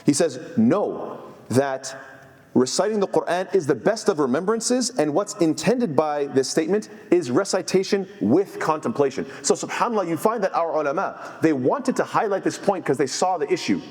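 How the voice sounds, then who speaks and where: Earnest male imam preaching, slightly high-pitched, in a reverberant masjid hall. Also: animated, normal speed, a little mellow. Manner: earnest, quotes Arabic scholars then translates. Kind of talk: sermon.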